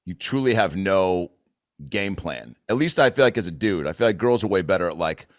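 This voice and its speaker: A podcast host from the United States chats casually and loosely, wandering off on tangents and cursing a lot. His deep voice is a little fast with lively intonation, recorded at studio quality with no echo.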